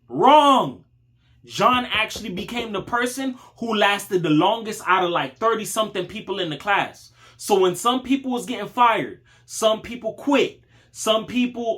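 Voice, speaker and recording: Animated high-voiced man giving street advice. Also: unhurried. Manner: animated, slangy street talk, addresses listener as dog and bro. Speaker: channel host. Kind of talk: casual motivational monologue.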